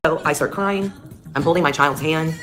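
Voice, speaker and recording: Speaking at a moderate pace in a low voice, a woman shares her experiences as a mother. She's blunt and heated and swears heavily, and music comes through clearly in the background.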